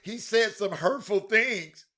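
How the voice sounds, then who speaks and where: A man hosting a sports talk stream with a Houston accent, loudly calling out viewers by name, repeating himself and talking over the chat. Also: high voice, takes it slowly. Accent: Southern US, Houston. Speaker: sports talk show host. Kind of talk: animated live-stream sports talk, reading viewer comments.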